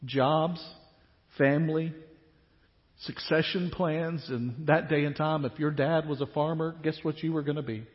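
A male pastor preaching a sermon, animated, acting out the disciples' questions in quick bursts. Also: on the high side. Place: church sanctuary. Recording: dull sound with long church reverb.

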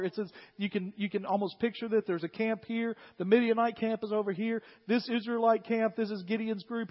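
A pastor preaching a sermon, animated and conversational, retelling scripture and acting out its figures in asides. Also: male voice, high voice. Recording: long hall reverb, dull lo-fi sound.

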